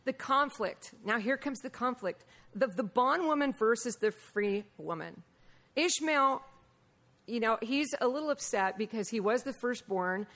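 A woman preaching a Bible lesson, mixing lively personal stories with scripture, and often laughing and acting out the voices of people in her stories. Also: on the high side. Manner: animated, laughing, acts out quoted voices. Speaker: Bible teacher. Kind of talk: sermon with personal storytelling.

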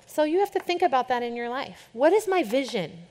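A woman's voice: fairly high pitch, sing-song, a little fast, hardly any pauses, darkish tone. Chatty woman worship leader in a reverberant hall. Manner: chatty and candid, shifts into playful quoted voices. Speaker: worship leader speaking to a group. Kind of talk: informal talk to a church group. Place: church or event hall with an audience.

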